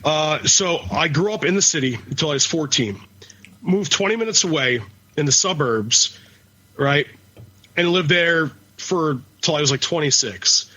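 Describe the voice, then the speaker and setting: Man in his 30s, faint philly accent, bright husky voice, crude animated chat, muffled lo-fi audio. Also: a little high, moderate pace. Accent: faint Philadelphia. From Philadelphia, USA. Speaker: podcast co-host. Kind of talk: casual chat. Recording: dull lo-fi podcast audio.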